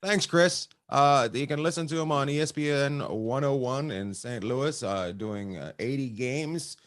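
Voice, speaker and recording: Man, podcast co-host, casual chat, relaxed and easygoing, mid pitch. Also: measured pace.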